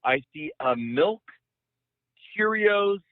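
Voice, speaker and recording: A young man from the Bay Area telling a long profane story on a podcast, rambling and animated. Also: high voice, takes it slowly, no room sound. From San Francisco Bay Area. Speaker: podcast host. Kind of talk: casual storytelling. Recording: dry, phone-like audio.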